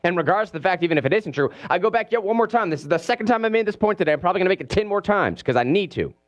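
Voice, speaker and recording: Man, talk radio host, sarcastic, animated, lively pitch, close dry studio mic. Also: very fast, no echo, dull audio. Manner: animated, sarcastic, mimics voices. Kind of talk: political talk radio monologue.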